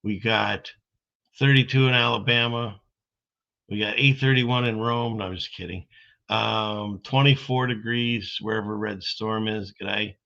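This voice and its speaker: Gravelly low-voiced man rambling on a stream. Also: fairly even intonation, a little slow, fairly bright tone. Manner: rambling, folksy, reads viewer comments aloud. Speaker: streamer host. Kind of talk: casual live-stream chat. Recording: dull lo-fi stream audio.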